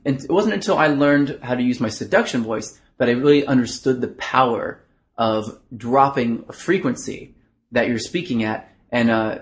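A man delivers a coaching lesson straight to the camera, mid-pitched and earnest. He moves between a friendly throat voice and a quieter, deeper chest voice, with plenty of "uh" fillers along the way. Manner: shifts between a bright throat voice and a low, soft chest voice; earnest, explanatory, with filler words. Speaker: dating coach. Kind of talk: instructional video monologue.

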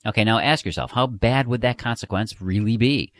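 Deep-voiced man giving emphatic advice. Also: a little fast, a bit bright. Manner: emphatic, motivational, direct. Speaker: dating advice coach. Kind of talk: scripted instructional narration.

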